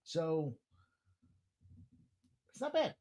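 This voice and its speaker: A man hosting a live sports betting stream, brash, excitable and profane as he rattles off picks and jokes. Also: fairly high pitch, very slow, no room sound, clean studio sound. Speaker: sports betting show host. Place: room with a hockey banner on the wall.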